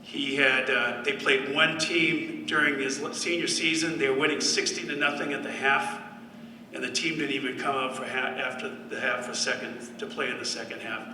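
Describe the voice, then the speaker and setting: Bright-voiced man at a podium, dry storyteller, caught from across a roomy hall. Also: mid-range voice, flat delivery, normal speed, a little hiss or hum. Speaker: former football player giving a speech. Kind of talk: speech to an audience. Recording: echoey hall from far off.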